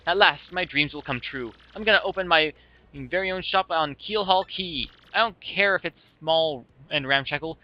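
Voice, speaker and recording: A man's voice: fairly high pitch, moderate pace, voice pushed up, lightly acted. A man playing an earnest hopeful shopkeeper. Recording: dull lo-fi with music.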